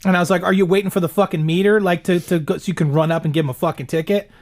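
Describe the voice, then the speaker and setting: A man hosting a casual podcast chat, telling animated, profane stories. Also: high voice, rapid-fire. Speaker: podcast host.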